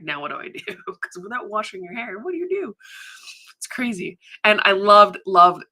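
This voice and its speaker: A woman hosts a casual studio livestream, reading comments aloud and drifting off on tangents with frequent laughs. Her voice is bright and forward, and her pitch swings widely as she talks. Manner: chatty, easily sidetracked, laughs often.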